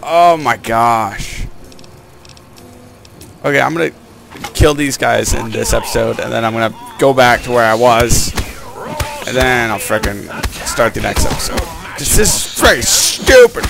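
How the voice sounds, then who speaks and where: A man doing let's play commentary, excitable, yelping and grumbling at the game. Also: mid-range voice, unhurried, vocal fry, music in the background. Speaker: gamer.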